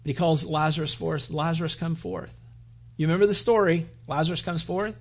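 A man's voice: on the high side, fast. A man preaching a sermon, retelling scripture in a conversational storytelling way and acting out quoted lines. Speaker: pastor.

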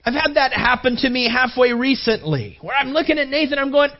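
A middle-aged man preaching a sermon in a conversational way, often repeating and restarting words and moving between hushed and raised passages. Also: extremely high pitch, animated, a little fast, hardly any pauses, highs cut off. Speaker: pastor.

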